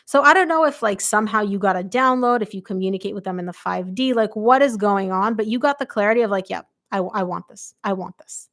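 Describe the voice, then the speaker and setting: Woman tarot reader, live reading, excitable and chatty, hoarse voice. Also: medium pitch, fast talker, hardly any pauses. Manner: chatty, excitable, quotes people aloud. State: losing her voice.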